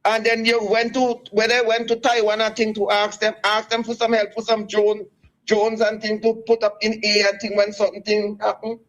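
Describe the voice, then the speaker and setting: Male radio caller over phone, high-pitched, halting and rambling. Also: monotone, a bit bright, low-quality recording. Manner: rambling, halting, many restarts. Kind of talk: call-in radio talk.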